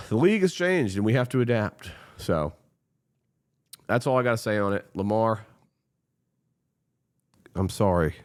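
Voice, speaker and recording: A man's voice: lowish voice, big pitch swings, normal speed, long pauses, clear, resonant tone. Profane, fired-up man ranting about football. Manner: impassioned, profane, fan venting. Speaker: podcast host. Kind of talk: casual sports rant.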